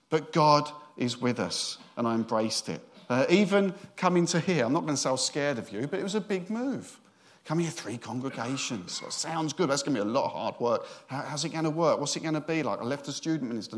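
A man's voice: fairly high pitch, a bit bright. A middle-aged man, a senior minister giving a sermon in a chatty, joking storytelling way.

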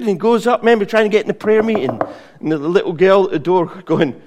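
A middle-aged man preaching a sermon, animated, acting out voices and singing. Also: sits high, fast talker. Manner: animated, acts out voices, sings hymn lines.

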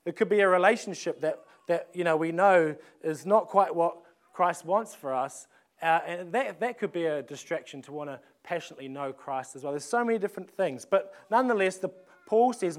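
A man's voice: on the high side, lively intonation, a little fast. A man, preaching a sermon in a conversational way, often restarting phrases and asking rhetorical questions. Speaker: pastor.

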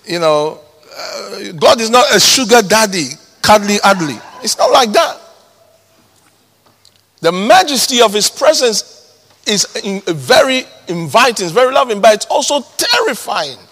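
A man preaching a sermon, emphatic, repeating key words and swinging between loud and hushed. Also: high-pitched, big pitch swings, measured pace. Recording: long hall reverb.

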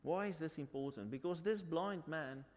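A man's voice: on the high side, moderate pace. A man preaching a sermon. He tells the story, asks the listeners questions, and repeats his points in two languages. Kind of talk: bilingual sermon. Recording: long hall reverb.

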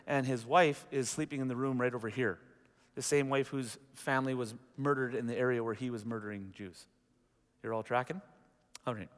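A man's voice: mid-range voice, a bit bright. A man preaching a sermon as pastor, reading a story aloud with asides to the congregation, and closing the service with a prayer. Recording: long reverb of a large hall.

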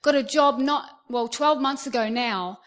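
A middle-aged Australian woman with a high voice delivers a sermon. She tells stories with energy and slips into the voices of the people she describes. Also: a little slow. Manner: animated storytelling, acting out quoted voices. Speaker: preacher.

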